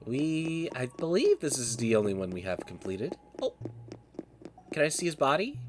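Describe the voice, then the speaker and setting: Excitable, swearing game streamer. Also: medium pitch, a little slow, soft background music. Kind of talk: casual gameplay commentary. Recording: background hiss.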